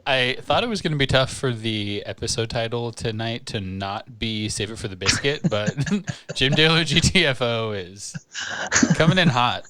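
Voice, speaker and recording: Young man, podcast co-host, deadpan self-mocking banter, casual chat, dry room. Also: medium pitch, normal speed, dry recording.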